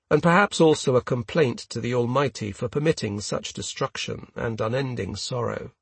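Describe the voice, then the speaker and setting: A man reading a first-person story aloud in a measured, steady way. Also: mid-range voice, husky, dry recording. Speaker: audiobook narrator. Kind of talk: scripted first-person narration.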